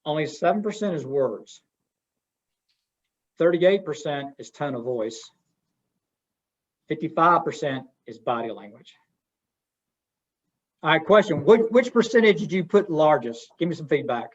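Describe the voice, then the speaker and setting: Man presenter, fairly high voice, folksy and interactive, muffled webinar sound. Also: lively intonation, measured pace, pauses often. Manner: folksy, asks the audience questions. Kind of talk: interactive workshop talk. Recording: dull lo-fi webinar audio.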